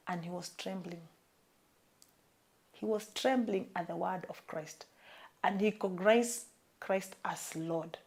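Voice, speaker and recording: A woman with a Kenyan accent preaching a sermon, emphatic and repeating her key phrases for weight. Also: a little high.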